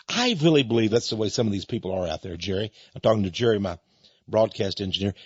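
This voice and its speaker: A man's voice: lowish voice, expressive, fairly quick, breathy edge, no room sound. A male radio host preaching in an impassioned monologue, emphatic and given to repeating phrases for force, heard over a dull lo-fi broadcast recording.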